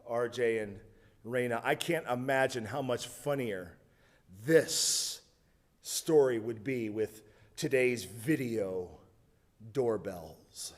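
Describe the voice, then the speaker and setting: A man's voice: medium pitch, takes it slowly. A man preaching a sermon, telling a humorous story with asides. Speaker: pastor.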